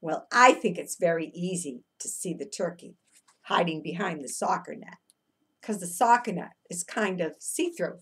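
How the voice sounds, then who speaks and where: A woman's voice: fairly low pitch, animated, moderate pace, breathy edge. A middle-aged woman teacher reading a picture book aloud to young children, chanting refrains and asking coaxing questions.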